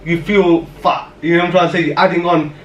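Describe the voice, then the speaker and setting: Bloke chatting on a podcast, high voice, roomy echo. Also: male voice, steady tone, fast talker, far from the mic, lo-fi sound. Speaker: podcast co-host. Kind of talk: casual chat. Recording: roomy echo, off-mic, faint noise.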